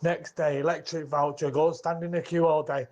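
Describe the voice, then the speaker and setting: A man's voice: fairly high pitch, level tone, brisk, darkish tone. A man from Manchester calling a radio phone-in, forthright, speaking in clipped sentences. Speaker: caller. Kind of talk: phone-in call. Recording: dull lo-fi phone line.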